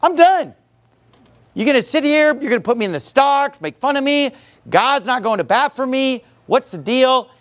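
An anguished male prophet at the end of his rope, as a preacher puts him on, pouring out raised, pleading complaints. The voice climbs very high and pushes hard with frustration. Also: very animated, normal speed. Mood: exasperated.

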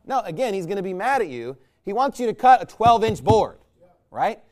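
A man's voice: high voice, animated, a little fast, darkish tone. A man preaching a conversational sermon in a folksy, rambling way, checking in with the congregation with rhetorical questions. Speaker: pastor.

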